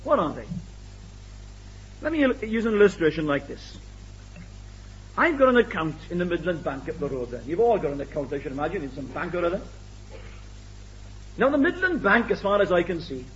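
A man's voice: high voice, slight background noise. A British man preaching a sermon, asking rhetorical questions and acting out the voices he quotes. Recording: dull lo-fi tape recording.

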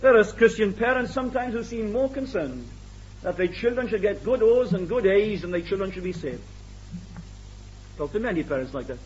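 A man's voice: high-pitched, expressive, moderate pace, slight background noise. A British man preaching a sermon, asking rhetorical questions and acting out the voices he quotes. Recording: dull lo-fi tape recording.

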